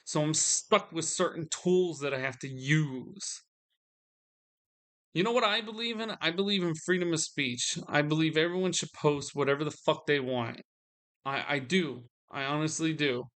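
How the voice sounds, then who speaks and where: A man's voice: a little high, moderate pace, fairly bright tone. A man venting to his audience in a solo video, weary and frustrated, often restarting his sentences. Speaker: vlogger.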